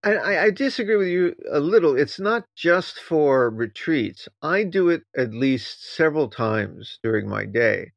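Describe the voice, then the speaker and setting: A man who teaches Zen, co-hosting a casual podcast discussion and talking in an animated, playfully teasing way. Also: a little high, measured pace, gravelly, few pauses, no echo. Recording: dull, dry lo-fi sound.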